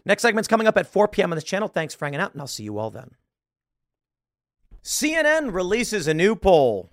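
A man delivers a commentary monologue with a lively, swooping voice that sits a bit high. He rambles and fills gaps with "uh" and "like". The sound is close and dry, with no room. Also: no echo. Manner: animated, rambling, with many fillers. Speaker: show host.

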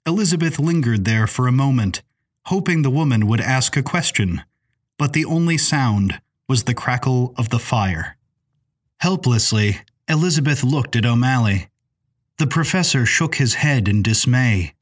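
A man reading a novel aloud as narrator, in a measured, descriptive way. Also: medium pitch, expressive. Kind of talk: scripted audiobook narration.

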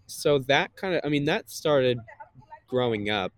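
A man's voice: medium pitch, lively intonation, a little slow. A man, a guest and content creator, chatting casually in an interview with a slightly nasal voice, rambling with many fillers and restarts.

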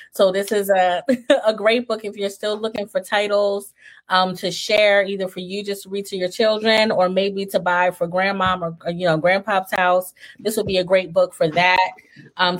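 A woman hosting an interview, chatting with enthusiasm, often laughing and using fillers. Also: medium pitch. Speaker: host. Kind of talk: casual interview chat.

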